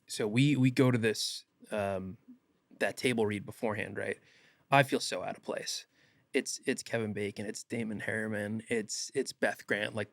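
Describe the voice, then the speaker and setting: A young man, an actor guest on a podcast, telling stories in a casual animated way and acting out quotes. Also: fairly low pitch, no echo, clean studio sound. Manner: animated, laughs often, acts out quotes. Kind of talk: casual podcast interview storytelling.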